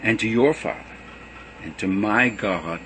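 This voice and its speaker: A man reading the lines of a calm, gentle male teacher in a measured way. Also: fairly low pitch, slight background noise. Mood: reassuring.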